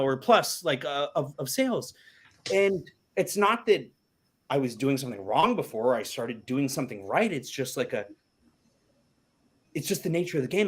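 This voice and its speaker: A man's voice: fairly high pitch, breathy edge. A man hosting a podcast, talking casually and animatedly, swearing freely. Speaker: podcast host, artist. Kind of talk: casual chat.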